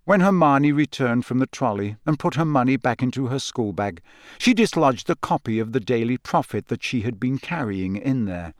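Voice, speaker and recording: A man reading a novel aloud as narrator, in a measured, even storytelling way, close to the mic. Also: medium pitch, no room sound. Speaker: audiobook narrator. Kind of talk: scripted narration.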